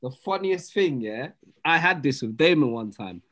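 Animated man chatting. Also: a little high, moderate pace. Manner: animated, passionate storyteller. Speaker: podcast co-host. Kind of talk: casual chat.

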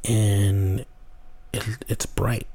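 A man's voice: fairly low pitch, little pitch movement, drawn-out words, dark tone, slightly rough. Rambling, cursing man telling a story. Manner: rambling, swears often, restarts a lot. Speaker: podcast host. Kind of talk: casual storytelling.

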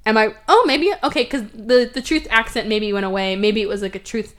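A woman's voice: on the high side, fairly quick, a bit bright. A woman hosting a podcast, animatedly recapping a movie's plot in casual chat, acting out the characters' lines and swearing freely. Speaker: podcast host.

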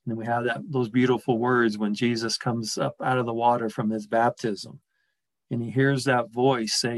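A male pastor delivers a quiet, reflective sermon, often easing down to a soft, slow hush on the words that matter. His voice sits at an ordinary middle pitch, and the recording is dry and close, with no room sound around it. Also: fairly even intonation, no room sound, poor audio. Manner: gentle, reflective, slows and softens on key words.

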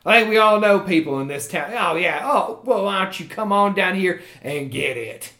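A man's voice: high voice, expressive, moderate pace, sharp tone, echoey room, full character voice. A man voicing a portly, irritable colonel in his late fifties, drawling and bossy in a tabletop game. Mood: snappish.

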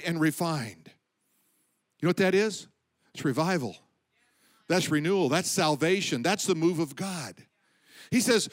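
A man with a high voice preaches a sermon. He speaks with emphasis, slows down on his key points, and lets his voice fall low at the ends of lines. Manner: emphatic preaching, slowing for stress and dropping low at line ends. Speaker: pastor.

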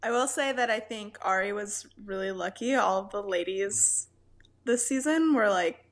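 A woman's voice: mid-range voice, normal speed. A woman guest on a casual podcast chat, talking easily and laughing often.

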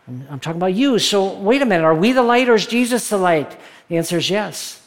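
Reading scripture and occasionally building to excited peaks, this pastor delivers his sermon in a conversational manner. He speaks slightly fast, and his voice sits high.

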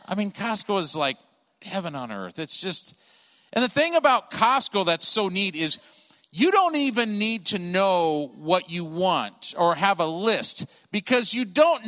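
A man doing stand-up storytelling as a comedian, animated and acting out the people in his stories. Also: high-pitched, a little slow. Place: church auditorium. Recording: long reverb of a large hall.

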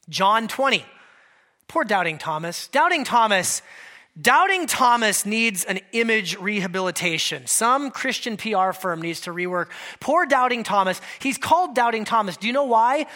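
A male pastor preaching a lively, conversational sermon, acting out quotes from scripture figures. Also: extremely high pitch.

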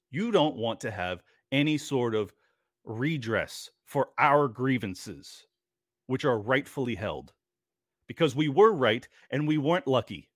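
A man's voice: medium pitch, no room sound. Ranting man on a dry close mic. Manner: ranting, profane, sarcastic. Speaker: podcast host. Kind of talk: angry political monologue.

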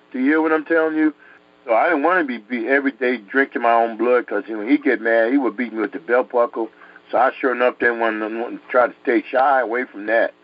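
A man's voice: mid-range voice, no echo. A man from New York telling a dramatic personal story, emphatic and repeating words for effect. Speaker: guest telling his testimony. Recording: dull dry recording.

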